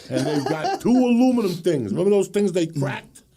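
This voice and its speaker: Gravelly, profane older man telling stories. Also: high-pitched, brisk. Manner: profane, animated, laughs through his stories. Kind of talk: casual storytelling on a podcast.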